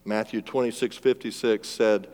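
A man preaching a sermon as pastor, swinging between loud emphatic lines and hushed, drawn-out phrases and calling for responses from the congregation. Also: fairly low pitch, fairly even intonation. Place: church sanctuary. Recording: long reverb of a large church hall.

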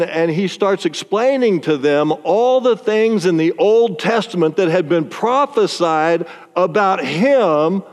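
Storytelling male preacher in a hall. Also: on the high side. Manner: animated storytelling, chuckles often. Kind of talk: sermon. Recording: long reverb in a large hall.

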